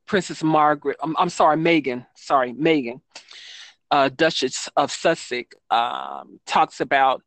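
A children's book author, appearing as a guest, talks casually in an interview and rambles with frequent ums and self-corrections. Her voice is low-pitched, with no room sound.

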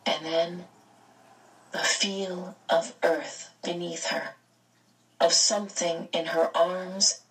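Slow-reading woman storybook narrator. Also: on the low side, steady tone, fairly bright tone, recorded from a distance, rough recording. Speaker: audiobook narrator.

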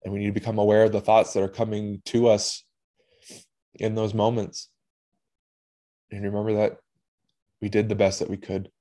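Emotion runs through this personal monologue from a podcast host, whose voice is low and mellow and whose tone stays even and steady. His speech is candid and halting, with some offhand swearing.

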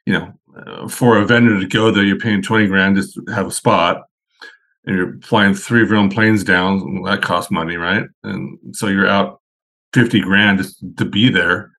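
Appearing as a podcast guest, a man with a fairly low voice rambles loosely and conversationally through car-show anecdotes. His tone is steady and a bit bright, at a moderate pace.

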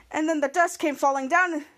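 A woman's voice: high voice, fairly bright tone. A woman hosting a podcast, giving a rambling casual recap of a TV episode and often restarting her sentences. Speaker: podcast host.

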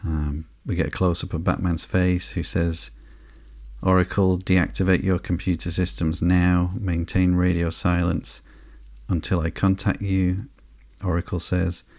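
Deep, gravelly, monotone man. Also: no echo, studio quality. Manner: slow, flat and unhurried, with frequent ums and uhs. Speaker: podcast host. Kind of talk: sleepy comic book read-through.

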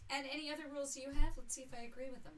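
A woman's voice: sits high, fairly even intonation, racing, a little hiss or hum, rough recording. A mother chatting on a podcast as a guest, telling rambling stories with wry, blunt remarks. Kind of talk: casual podcast chat.

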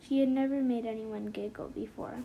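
A woman's voice: on the high side, steady tone, a little fast, creaky, phone-quality sound, noisy background. A woman reading a children's picture book aloud for her podcast, then chatting about it in a gushing way and repeating herself. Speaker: podcast storybook reader.

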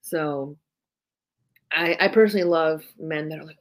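Low in pitch and moderately paced, her speech is broken by long pauses. She co-hosts a podcast, casually telling lively stories and cursing freely along the way.

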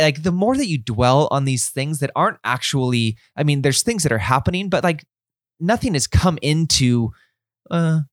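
A man's voice: medium pitch, no echo, clean studio sound. A man in his thirties hosting a casual solo podcast, earnest and encouraging, rambling with frequent restarts. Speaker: podcast host.

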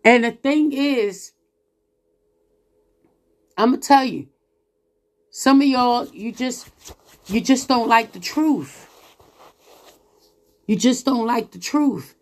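Female podcast preacher, somewhat high voice, scolding and emphatic delivery. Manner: emphatic, scolding, with drawn-out exclamations and laughs. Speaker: Christian podcast host. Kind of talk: preaching monologue.

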